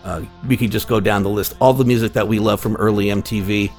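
A man co-hosting a music podcast, talking in a relaxed, chatty way with fillers. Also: on the low side, fast talker. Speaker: podcast co-host. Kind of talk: casual music podcast chat.

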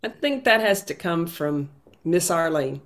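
Slow-spoken woman telling stories. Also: on the low side, lively intonation. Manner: slow, unhurried storytelling. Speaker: guest, basketball coach and commentator. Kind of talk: casual interview chat.

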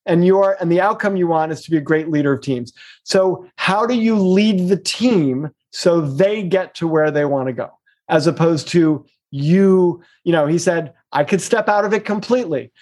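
A middle-aged man, an executive coach, talking casually in an interview, emphatic and expressive, speeding up in bursts and slowing down to make a point. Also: a little high.

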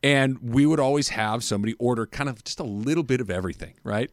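A man's voice: medium pitch, fast talker, dry recording, clean studio sound. A man hosting a sports radio show, chatting casually and telling stories with frequent laughter. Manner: laughs often, animated storytelling. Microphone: studio microphone.

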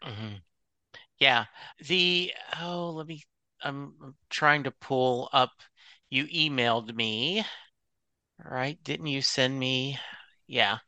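A man's voice: mid-range voice, slow pace, pauses often, no echo. A man co-hosting a podcast, chatting casually and reading song lyrics aloud. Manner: relaxed, reads lyrics aloud and acts out anecdotes. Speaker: podcast co-host.

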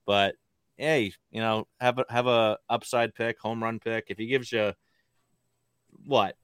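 A man co-hosting a podcast talks loosely and rambles, circling back with fillers and restarts. His voice is smooth and resonant. The recording is dry and close, with no room sound. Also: mid-range voice, fairly even intonation, moderate pace, a bit bright, no echo. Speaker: podcast co-host. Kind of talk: casual podcast chat.

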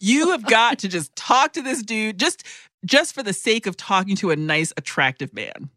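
Lively, bright woman joking around. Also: medium pitch, moderate pace, no room sound, clean studio sound. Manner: playful, laughs a lot, gives joking advice. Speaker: podcast co-host. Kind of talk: casual chat.

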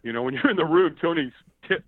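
Lively man on a tinny phone-like line. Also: a little high, fast, no echo. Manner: lively, acts out quoted shouts, repeats words. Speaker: podcast guest. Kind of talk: animated storytelling.

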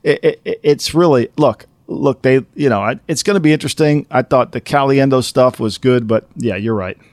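A man co-hosting a casual sports podcast, talking animatedly and jumping up to incredulous highs. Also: moderate pace, darkish tone, no echo. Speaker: podcast co-host.

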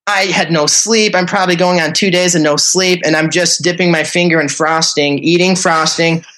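A man's voice: a little high, steady tone, moderate pace, a bit bright. A man, a podcast guest, telling a story in a loose, rambling way with lots of fillers. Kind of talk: casual storytelling.

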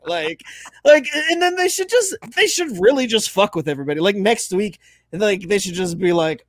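A man's voice: high-pitched, animated, moderate pace, no room sound. Rambling, sarcastic podcast co-host, man. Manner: rambling, profane, sarcastic musing. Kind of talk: casual sports podcast banter.

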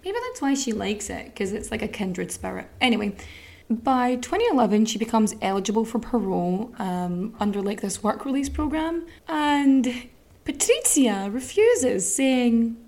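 A woman's voice: on the high side, very animated, moderate pace, darkish tone. A woman hosting a podcast, telling a true story in a casual, snarky, sweary way. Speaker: podcast host.

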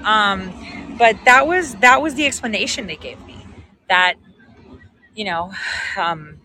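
Casual female vlogger, sarcastic storyteller, bright tone, faint outdoor noise. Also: mid-range voice, animated, takes it slowly, rough recording. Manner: chatty, sarcastic, laughs often.

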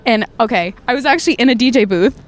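Laid-back girl in her twenties, giggles a lot telling stories, kinda high voice. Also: animated, fast talker. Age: 20s. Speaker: podcast co-host. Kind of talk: casual chat.

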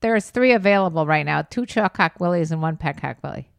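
A woman's voice: low-pitched, animated, fairly quick, creaky, no room sound. A woman co-hosting a podcast in casual chat, teasing and giggly. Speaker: podcast co-host.

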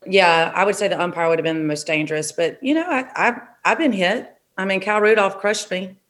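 A middle-aged woman, a football official, telling stories in a relaxed, frank way in an interview. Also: mid-range voice, brisk. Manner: relaxed, frank anecdotal telling with short restarts. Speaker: NFL official, interview guest. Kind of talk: conversational interview storytelling.

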